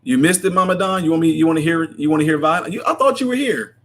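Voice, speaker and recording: A man's voice: on the high side, expressive, quick pace. A man hosting a casual livestream, chatting and answering viewer comments in a rambling way, laughing often. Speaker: livestream host. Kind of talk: casual live chat reading comments.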